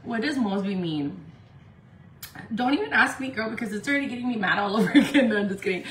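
A woman from Indio, California, chatting casually on a makeup livestream from home, talking fast and loose, swearing freely and saying "like" a lot. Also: mid-range voice, animated, distant mic, crowd noise. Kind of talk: casual live-stream chat. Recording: echoey room with faint background noise.

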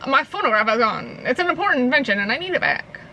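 A woman voicing a worried male inventor from a game, with a put-on British accent and a hurried, fretful delivery. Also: high voice, lively intonation, sharp tone, dull audio, a little hiss or hum, exaggerated voice.

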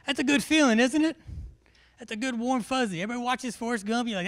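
A military education instructor leads a large class through a humorous briefing, his voice unusually high for a man. Full of lively energy, he jokes, teases and fires questions at the crowd at a brisk pace.

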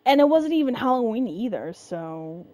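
A woman's voice: fairly high pitch, big pitch swings, normal speed, darkish tone, no room sound. A young woman commenting on a horror game, swearing a lot and talking to the game as she plays. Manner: swearing, jumpy, talks to the game. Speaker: gamer.

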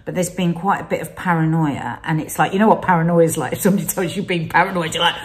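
A woman with a fairly low pitch and steady tone talks at a quick pace. Co-hosting a candid talk show about mental health, she tells a personal story expressively and acts out the voices of the people she quotes.

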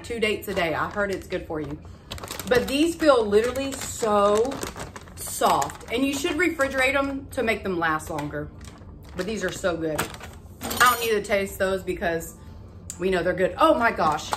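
A woman, chatting excitedly to her viewers in a casual haul vlog. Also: medium pitch, slight background noise. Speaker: vlogger.

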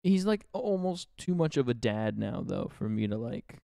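A man's voice: mid-range voice, big pitch swings, moderate pace, gravelly, dark tone, no room sound, clean studio sound. A young man co-hosting a casual movie commentary, joking and laughing with a friend. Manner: joking, laughing, trails off and restarts.

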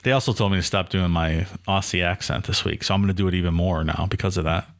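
A man's voice: low-pitched, fast talker. A man co-hosting a podcast, teasing sarcastically in casual banter. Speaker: podcast co-host.

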